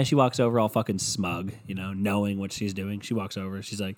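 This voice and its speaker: A man's voice: fairly low pitch, level tone, fairly quick, few pauses, a little mellow. A man ranting in a sarcastic comedy style, swearing freely and mocking people. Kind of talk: profane comedic rant.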